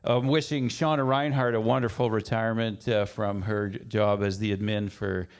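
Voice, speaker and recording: A man co-hosting a podcast in casual chat, speaking in a friendly, halting way with many fillers. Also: on the low side, flat delivery, smooth. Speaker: podcast co-host.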